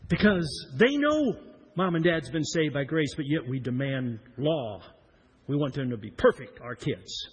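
A middle-aged man preaching a sermon, swinging between loud emphatic lines and hushed, slowed-down ones. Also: mid-range voice, husky, rough recording. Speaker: pastor.

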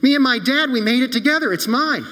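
A man voicing an earnest young boy who pleads in a high, strained voice, as part of a children's story told in a sermon. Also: moderate pace, sharp tone, long reverb tail. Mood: pleading.

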